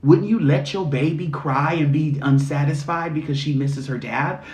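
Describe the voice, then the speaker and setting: A man hosting a live stream, delivering a blunt, sweary motivational rant full of rhetorical questions, swinging into mocking high voices. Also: moderate pace, darkish tone. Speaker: spiritual reader and live-stream host. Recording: roomy echo.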